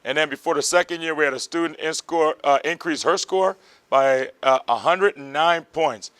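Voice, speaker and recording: A man teaching medical exam material and describing his prep program, animated and vivid, acting out heart sounds. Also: a little high, normal speed, no room sound. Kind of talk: lecturing and promotional interview.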